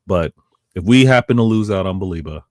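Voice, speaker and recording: A man's voice: sits low, expressive, brisk, a little mellow, no echo, clean studio sound. A man co-hosting a casual football chat, rambling and restarting his phrases. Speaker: co-host.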